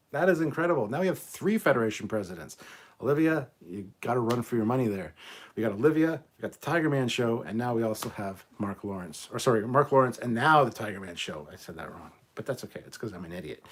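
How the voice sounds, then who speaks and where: A man's voice: medium pitch, breathy edge. A middle-aged man hosting a casual livestream, reading viewer comments aloud and reacting in a chatty way, swearing freely and joking about himself. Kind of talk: casual live chat.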